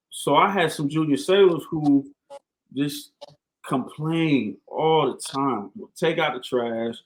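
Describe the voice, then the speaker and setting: Man telling stories in a high voice. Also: rough recording. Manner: animated, folksy, slangy. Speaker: podcast guest, Navy command master chief. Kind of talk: casual storytelling.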